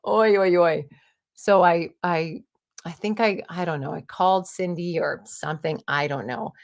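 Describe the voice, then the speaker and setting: Brief: woman around 50, casual storytelling vlogger, chatty and animated. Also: fairly low pitch, moderate pace, creaky. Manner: chatty, animated, lots of "like" and "you know".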